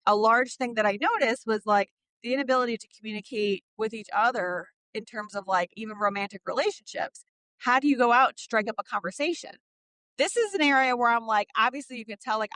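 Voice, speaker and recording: A woman in her thirties hosting a podcast, telling a personal parenting story in a candid, chatty way, full of "like" fillers and lively quoted dialogue. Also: medium pitch, no echo, rough recording. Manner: acts out quoted dialogue in animated bursts. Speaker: podcast host. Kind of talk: casual storytelling monologue.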